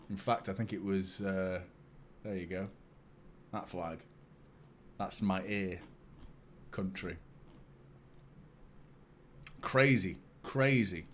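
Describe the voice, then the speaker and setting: A man's voice: fairly low pitch, a little hiss or hum. A young man hosting a fan live stream, chatting casually with viewers, swearing freely and mocking himself. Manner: casual, swears a lot, self-mocking banter with chat. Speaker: fan channel host. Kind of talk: live-stream watchalong chat.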